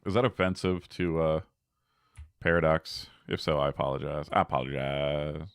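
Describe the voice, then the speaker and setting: A man's voice: a bass voice, level tone, normal speed, clear, resonant tone, dry recording, studio quality. A man giving casual gameplay commentary as a streamer, chatty, laughing often and talking back to his chat.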